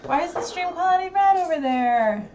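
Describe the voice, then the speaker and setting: A woman's voice: very high-pitched, lively intonation, normal speed, a little mellow, muffled recording, a little hiss or hum. Chatty woman hosting a stream at home. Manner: chatty, laughing, talking to chat while fixing tech. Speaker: streamer host. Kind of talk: casual live-stream chat.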